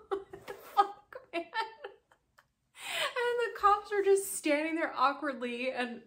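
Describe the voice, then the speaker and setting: A woman's voice: mid-range voice, fairly bright tone. A young woman talks through drama in a loose, casual commentary. She's sarcastic, swears freely and keeps breaking into laughter. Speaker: commentary channel host.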